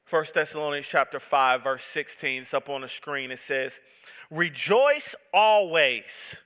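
A man's voice: medium pitch, little pitch movement, normal speed, sharp tone, clean tone. A man in his thirties, a pastor preaching a sermon with impassioned, emphatic repetition. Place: church sanctuary. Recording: long reverb of a large hall.

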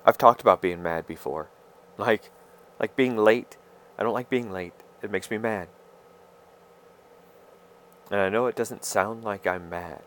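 Halting, soul-searching man with a low voice. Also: fairly bright tone, slight background noise. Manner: halting, stammering, self-searching. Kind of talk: rambling personal monologue.

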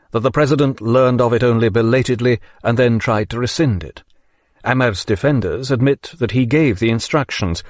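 A man narrating a history audiobook in a measured, steady reading. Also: medium pitch, dry recording, clean studio sound.

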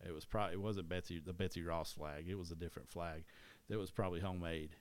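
A deep-voiced man with an East Tennessee Southern accent talks history casually, like a podcast co-host. He rambles, restarts his sentences and corrects himself as he goes. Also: steady tone, fast talker, clear, resonant tone.

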